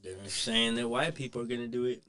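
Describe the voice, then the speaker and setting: A man's voice: medium pitch, fairly quick, sharp tone. A man co-hosting a casual podcast, loose and slangy, who stammers when starting a thought. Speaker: co-host.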